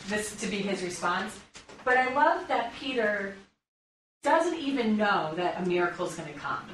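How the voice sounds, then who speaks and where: A woman's voice: mid-range voice, fairly bright tone. A woman leading a conversational sermon, engaging her group with questions as she talks through a Bible passage. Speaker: pastor or Bible study leader. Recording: roomy, distant mic, faint room noise.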